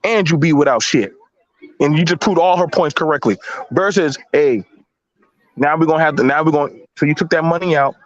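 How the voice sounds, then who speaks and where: A man's voice: on the high side, brisk, no echo. A man, arguing bluntly and emphatically in a heated casual debate, with slangy talk and repeated words. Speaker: panelist. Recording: dull lo-fi audio.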